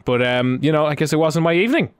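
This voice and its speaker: Male radio co-host, animated pitch, teasing, dry studio sound. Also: quick pace, clean tone, no room sound. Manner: teasing, laughs often. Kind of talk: casual radio banter.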